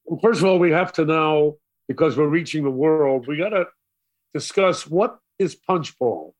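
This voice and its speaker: Older Brooklyn man with a New York accent, slightly high voice, theatrical storyteller. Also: moderate pace. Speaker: radio DJ guest. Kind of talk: storytelling interview.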